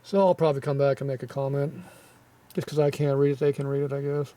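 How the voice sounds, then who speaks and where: A man with a scratchy, sore throat reading viewer comments in a casual, offhand way, clearing his throat often and muttering asides. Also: mid-range voice, little pitch movement, quick pace, warm tone, distant mic.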